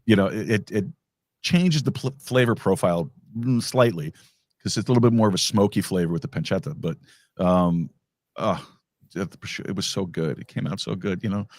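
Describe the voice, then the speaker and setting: A man's voice: deep voice, a little fast, darkish tone, no echo, clean studio sound. A man hosting a podcast, chatting casually and rambling with lots of restarts and fillers. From New York. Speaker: podcast host. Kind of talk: casual conversation.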